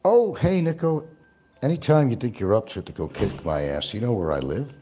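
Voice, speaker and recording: A man's voice: lowish voice, very animated, fast talker, mellow, soft background music. A man hosting a livestream, rambling in a brash, taunting, trash-talking way. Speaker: livestream host.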